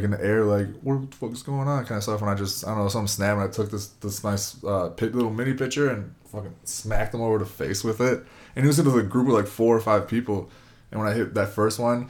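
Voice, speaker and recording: A man's voice: lowish voice, a little mellow. A man, around his twenties, telling a long casual story, rambling with lots of fillers. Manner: rambling, lots of "like" and "you know".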